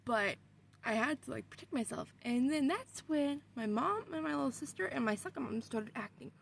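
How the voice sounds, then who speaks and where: Lively husky young woman telling a story. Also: sits high, moderate pace. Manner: animated storytelling with frequent swearing. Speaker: vlogger. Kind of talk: casual storytime.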